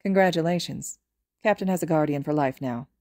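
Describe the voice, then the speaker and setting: A woman reading the part of a weary teenage boy who talks flat and deadpan. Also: fairly low pitch, fast talker, no echo, clean studio sound, lightly acted.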